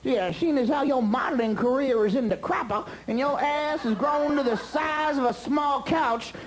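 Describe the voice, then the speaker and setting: A man's voice: very high-pitched, moderate pace, a little hiss or hum. A man doing a lecherous old billionaire geezer. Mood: leering. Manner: folksy drawling old-timer talk, barking. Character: crafty ninety-year-old male billionaire, lecherous, cranky. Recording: live club crowd laughing.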